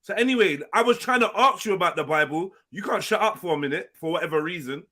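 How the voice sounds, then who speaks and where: A man's voice: sits high, expressive, fast, bright, forceful tone. A man hosting a live panel stream, brash, profane and combative in debate.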